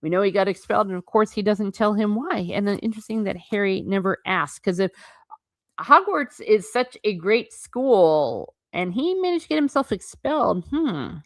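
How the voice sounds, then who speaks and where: A woman's voice: mid-range voice, animated, moderate pace, no room sound, studio quality. A woman hosting a book channel, reading passages aloud and giving frank, opinionated commentary, often stumbling over words.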